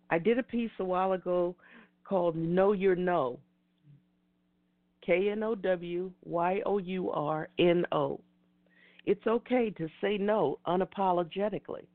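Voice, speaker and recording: An earnest motivational message comes from a middle-aged online talk show host whose voice sits at medium pitch. Like a preacher, he leans on repeated key phrases with emphasis. There's no echo, and the audio has a dry, tinny phone quality.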